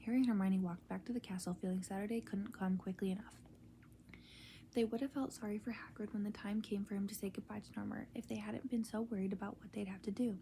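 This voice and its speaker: A woman reading a storybook aloud in a soft, unvoiced ASMR whisper. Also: medium pitch, fairly even intonation, fast, gravelly, a little hiss or hum.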